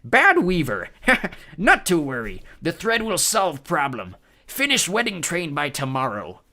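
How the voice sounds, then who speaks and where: A gloating giant cyclops. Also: male voice, fairly high pitch, huge pitch swings, a little slow, sharp tone, pitched above the performer's own voice, exaggerated voice. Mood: gloating, boastful. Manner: broken grammar, gloating and growling. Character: huge boastful male cyclops, crude and menacing. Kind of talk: audiobook character voice.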